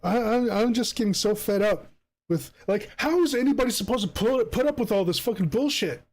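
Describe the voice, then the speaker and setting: A man streaming while he draws, ranting heatedly with heavy swearing and a mock campaign pitch. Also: animated, a little fast, darkish tone. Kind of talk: angry profane rant while drawing on stream.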